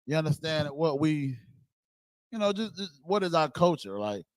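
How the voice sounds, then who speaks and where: Man, blunt casual preacher, high voice, dry close sound. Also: normal speed, no room sound. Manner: animated, blunt, swears casually, laughs and shouts at times. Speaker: speaker on a religious group's show.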